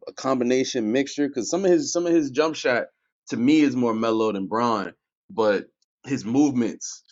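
A man's voice: on the low side, a little mellow, no echo, muffled recording. A man co-hosting a casual sports podcast, joking with friends and asking them questions. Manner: joking, teasing, asks the others questions.

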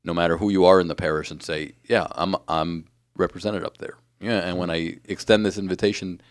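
Brief: low male co-host, calm and agreeable, dry close sound. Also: brisk, no echo. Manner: calm, agreeable, short affirmations. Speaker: podcast co-host. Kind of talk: casual chat.

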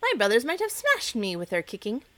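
A woman's voice: a little high, huge pitch swings, bright, forceful tone, no echo, voice pushed up, heavily acted. A woman voicing a proud, bold young egg boy in a storybook reading. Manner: proud, confident, brisk.

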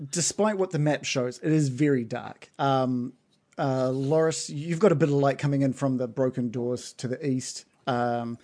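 A man's voice: mid-range voice, dark tone. A man narrating as game master of a tabletop game, casual and hesitant. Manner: casual, hesitant with many ums.

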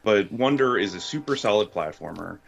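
Deep-voiced hesitant man on a podcast. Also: expressive, moderate pace, gravelly, a bit bright, lo-fi sound, faint music behind. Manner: hesitant, full of ums and you-knows. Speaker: guest critic. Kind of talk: casual podcast chat.

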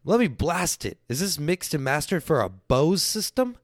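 A man around thirty doing a profane stand-up style rant, swinging between loud bursts and low mutters. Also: big pitch swings, normal speed, no room sound, studio quality. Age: late 20s to early 30s. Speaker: comedian.

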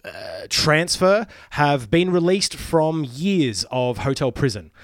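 A man's voice: on the high side, very animated, slow pace, no room sound, clean studio sound. Chatty Australian man hosting a podcast. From Queensland, Australia. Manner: laughs often, chatty and jokey, restarts sentences. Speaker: podcast host. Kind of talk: casual podcast chat.

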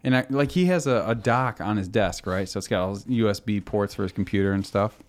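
A man hosting a podcast, chatting casually and telling stories in an animated way, laughing often as he goes. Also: lowish voice, a little fast. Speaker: podcast host. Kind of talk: casual chat.

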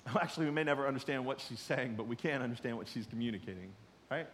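A middle-aged man preaching a sermon in a conversational way, swinging from loud emphasis to quiet asides. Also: medium pitch, rapid-fire, in a large hall, a little hiss or hum. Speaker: pastor.

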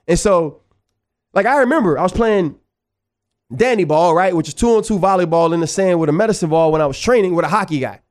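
A man from New Orleans with a New Orleans accent, hosting a show and telling a long story in a casual, animated, digressive way, often checking in with "right?". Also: high voice, fairly quick. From New Orleans, USA. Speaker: podcast host.

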